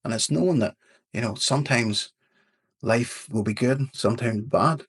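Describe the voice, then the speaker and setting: A man's voice: medium pitch, moderate pace, breathy edge. A man from Northern Ireland with a Northern Irish accent, a leadership coach talking as a podcast guest and telling a story. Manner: storytelling, animated quotes in a fable. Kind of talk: casual interview talk.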